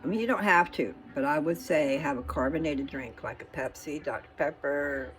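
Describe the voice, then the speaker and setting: A woman's voice: low-pitched, normal speed, low-quality recording. A woman vlogger in her kitchen, talking casually and folksily to her viewers and often checking in with "okay?".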